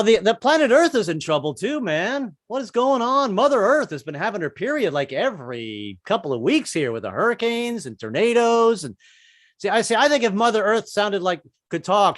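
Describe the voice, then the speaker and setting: A woman doing a stand-up comedy set, telling jokes in an animated way. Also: medium pitch, moderate pace. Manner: animated storytelling, jumping into voices. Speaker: stand-up comic.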